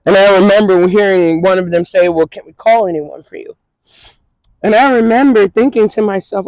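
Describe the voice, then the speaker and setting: A woman's voice: medium pitch, normal speed, darkish tone, dry recording, low-quality recording. A woman from Minnesota speaks as an interview guest, telling her story in a loose, conversational way that keeps circling back on itself. Her voice is recorded close and dry, with no room sound around it. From Twin Cities, Minnesota. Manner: repetitive, conversational storytelling full of "you know what I'm saying". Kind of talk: emotional personal testimony.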